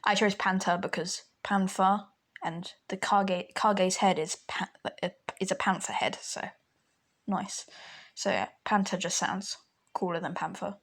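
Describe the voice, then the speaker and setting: A woman's voice: medium pitch, level tone, unhurried. A woman telling a fan story in a casual, rambling way, full of fillers and restarts.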